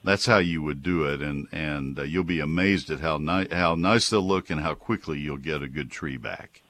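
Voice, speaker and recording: A man hosts a call-in garden show from a radio studio. His voice sits very low and deep. He explains things patiently, with a polite, helpful manner toward each caller. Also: normal speed, a bit bright.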